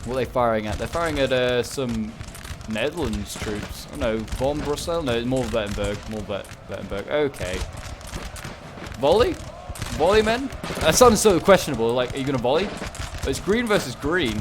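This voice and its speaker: Male gaming host, casual excitable play-by-play, average pitch, game gunfire clearly audible under the voice. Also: fairly quick. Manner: chatty, excitable, rambling with fillers. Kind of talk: casual game battle commentary. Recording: gunfire and battle sounds over voice. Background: game gunfire and battle noise.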